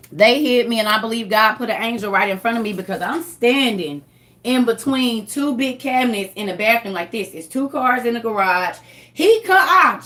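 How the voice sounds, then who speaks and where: A woman telling viewers a personal story in casual, animated, emphatic speech full of slang. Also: fairly high pitch.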